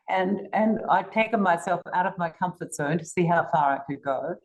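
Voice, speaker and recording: A woman's voice: fairly low pitch, moderate pace, low-quality recording. An older woman with an Australian accent, a guest telling stories in a podcast interview in an assured way. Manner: assured, storytelling, occasional restarts.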